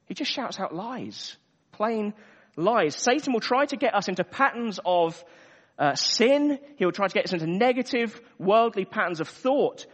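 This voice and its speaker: A man's voice: high voice, animated, normal speed, a bit bright. A man preaching a sermon earnestly, repeating phrases for emphasis. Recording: echoey hall, dull lo-fi sound.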